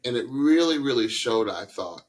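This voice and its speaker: Animated podcast host with sudden high leaps. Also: male voice, normal speed. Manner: animated, leaps into high pitch when excited; takes on a voice teacher's advising tone. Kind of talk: casual chat.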